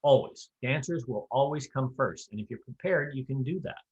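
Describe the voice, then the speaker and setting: A man's voice: mid-range voice, expressive, brisk, muffled recording. A man giving a conversational, practical lesson on square dance calling, with folksy asides and offhand humor. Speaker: square dance caller teaching callers. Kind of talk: instructional talk.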